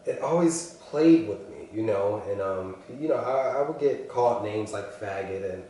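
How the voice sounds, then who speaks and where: A young man telling his personal story earnestly, halting often and restarting his sentences. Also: lowish voice, animated, mellow, distant mic, slight background noise. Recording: echoey room, voice from afar.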